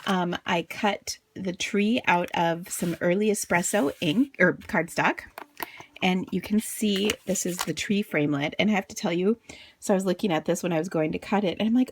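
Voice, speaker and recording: A woman's voice: fairly low pitch, fairly quick. A woman hosting a casual craft tutorial, chatty and bubbly, with playful self-deprecating asides. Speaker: crafting channel host.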